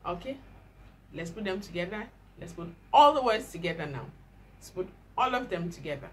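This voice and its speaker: A woman teaching pronunciation, spelling out words letter by letter and repeating them slowly with exaggerated care. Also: fairly low pitch, animated, low-quality recording. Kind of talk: slow, drawn-out pronunciation lesson.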